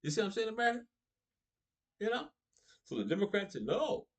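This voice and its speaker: A husky-voiced middle-aged male comedian with a lively, swooping delivery. He talks straight to his audience in a political comedy monologue and chuckles between his lines. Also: sits high, fairly quick. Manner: animated, laughs between lines, addresses the audience directly.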